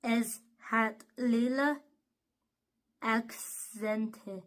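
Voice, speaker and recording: A woman chats casually for her vlog. Her voice sits a little high, and she speaks very slowly. She pauses and repeats her words as she goes. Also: steady tone. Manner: halting, repeats herself. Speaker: vlogger.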